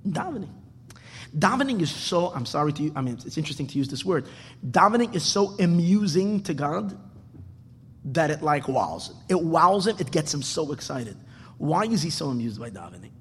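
Animated high-voiced man in a reverberant hall. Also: normal speed. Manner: animated storyteller, acting out voices in the parable. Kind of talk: Torah class with a Hasidic parable.

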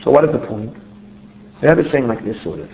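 A Torah teacher gives a text study lecture, working through a religious text step by step. He often asks himself rhetorical questions and repeats words while searching for the next one. His mid-range voice is fast, lively in intonation and has vocal fry, with tinny phone-line sound in a roomy space.

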